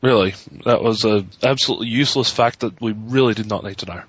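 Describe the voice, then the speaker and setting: A man's voice: on the low side, quick pace, a bit bright, husky, no room sound. Sardonic Australian male co-host. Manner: teasing, sardonic. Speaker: radio show co-host. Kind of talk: casual talk radio banter. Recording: dull lo-fi online call audio.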